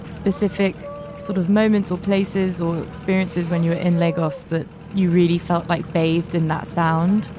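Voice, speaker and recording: A woman's voice: on the low side, little pitch movement, normal speed, music in the background. A British woman hosting an interview, asking questions in an inquisitive, wry way. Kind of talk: conversational interview.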